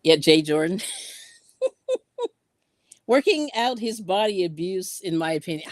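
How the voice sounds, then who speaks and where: A woman's voice: lowish voice, expressive, measured pace, pauses often, no room sound, studio quality. A woman hosting a casual craft live stream, chatting and laughing often as she reads out viewer comments while sewing in yarn ends.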